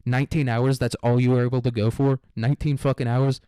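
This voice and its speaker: A man's voice: medium pitch, little pitch movement, fast, mellow, clear, resonant tone, no room sound. A young man giving casual, sarcastic news commentary, swearing constantly and riffing irreverently.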